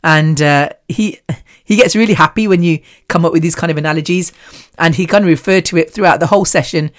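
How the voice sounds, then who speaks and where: Brief: female podcast host, low-ish voice, frank and sweary, lively storyteller. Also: brisk. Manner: blunt, swears freely, animated storytelling. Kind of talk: candid casual monologue.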